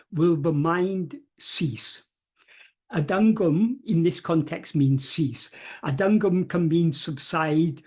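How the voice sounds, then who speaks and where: Husky-voiced man explaining slowly, full of pauses. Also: a little high, darkish tone. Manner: careful, hesitant explaining with many fillers and restarts. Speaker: teacher of spiritual texts. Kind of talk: explanatory talk on a video call. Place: home, video call. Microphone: computer mic on a video call.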